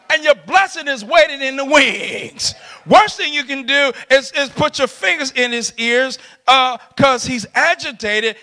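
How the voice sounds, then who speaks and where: A middle-aged man preaches in a church with a very high, bright voice. He swings between loud shouts and soft asides, and he laughs along with his congregation. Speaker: pastor. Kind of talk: sermon. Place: church sanctuary.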